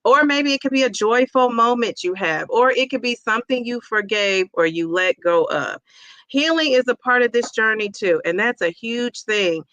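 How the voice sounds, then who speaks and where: A woman who is a teacher and a weight-loss vlogger, chatting casually and encouragingly with her viewers. She sounds upbeat and positive, and talks in quick bursts with restarts. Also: a little high, fairly bright tone, no echo, muffled recording.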